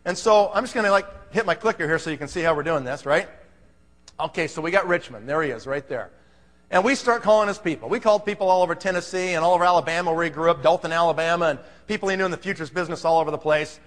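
High-voiced man telling stories in a hall. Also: fast. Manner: emphatic, conversational, frequent "okay?" check-ins. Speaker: presenter at a business seminar. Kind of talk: storytelling presentation to a live audience.

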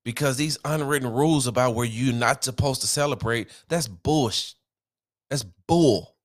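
A man's voice: medium pitch, moderate pace. A man hosting a solo sports podcast, ranting in a heated, emphatic way with casual slang.

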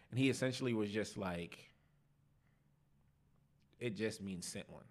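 A young man on a podcast, telling his life testimony in casual slang, animated and laughing at himself. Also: on the low side, measured pace, long pauses. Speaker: podcast guest.

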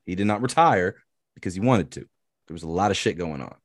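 A man's voice: sits low, lively intonation, fast talker, dry recording, studio quality. A man hosting a casual sports podcast, ranting hotly with swearing and repeated phrases. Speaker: podcast host.

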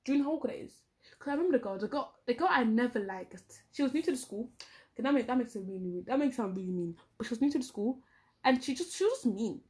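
A young woman telling a story about her schooldays in a casual, animated way, acting out the dialogue. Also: on the high side, very fast. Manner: animated, dramatic retelling with quoted dialogue. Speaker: vlogger.

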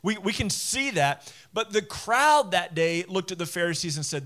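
Animated preacher with a raised pitch. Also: male voice, normal speed, hardly any pauses. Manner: conversational preaching with animated acted-out quotes and restarts. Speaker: pastor. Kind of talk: sermon.

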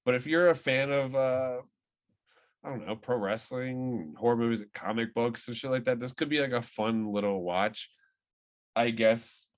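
A man's voice: medium pitch, normal speed. Swearing, rambling podcast co-host man. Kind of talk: casual movie review chat.

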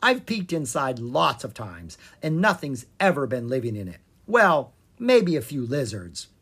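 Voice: mid-range voice, very animated, unhurried, a bit bright, husky, heavily acted. A narrator voicing an eager young boy prince who whines and pleads. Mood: boastful.

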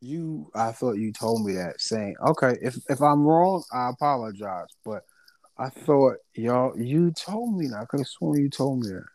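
A man's voice: medium pitch, animated, moderate pace, a little mellow, no room sound. A man co-hosting a casual sports talk show, playful and teasing, trailing off while he looks things up. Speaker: podcast co-host.

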